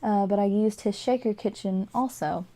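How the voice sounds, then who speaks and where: A woman's voice: mid-range voice, normal speed, warm tone, a little hiss or hum. A young woman rambling casually as she narrates a game build, sleepy and full of fillers and little laughs. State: sleepy, yawning. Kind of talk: casual voice-over commentary while building. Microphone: desk microphone.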